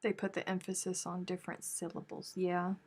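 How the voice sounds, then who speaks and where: A woman's voice: fairly low pitch, monotone, a little fast, darkish tone, breathy edge. A woman hosting a casual crochet livestream, chatting playfully with viewers and reading their comments aloud. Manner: chatty, playful, drawling Southern turns of phrase.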